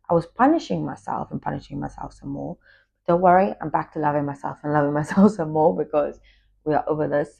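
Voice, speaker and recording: A woman, a former yoga teacher, talking in a casual personal monologue, confiding and reflective, sometimes dropping into soft whispers. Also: muffled recording. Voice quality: gravelly, husky low voice. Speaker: spiritual talk host, former yoga teacher.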